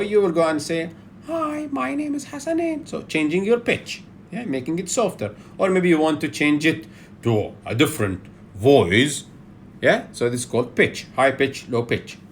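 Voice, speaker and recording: Animated Bahraini man lecturing. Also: a little high, a little hiss or hum. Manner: animated, repeats "yeah" as a check-in, with frequent fillers. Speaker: public speaking trainer. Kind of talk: lecture on public speaking.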